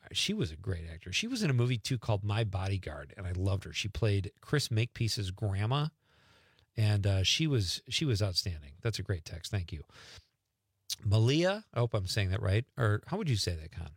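A man's voice: on the low side, very animated, normal speed, slightly rough, dry recording, clean studio sound. A middle-aged man, hosting a radio talk show and chatting casually as he reads listener texts aloud. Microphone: studio microphone.

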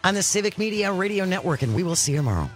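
A man's voice: high-pitched, very animated, rapid-fire, loud music behind the voice. A man hosting a radio show, recapping a news story and chatting with his co-host. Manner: chatty, reads stories then riffs. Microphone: studio microphone.

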